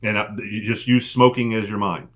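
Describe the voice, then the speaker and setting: A man's voice: lowish voice, steady tone, normal speed, fairly bright tone. Emphatic man coaching on a call. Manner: emphatic, repeats key lines for effect. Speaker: sales coach on a team call. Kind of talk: motivational teaching talk.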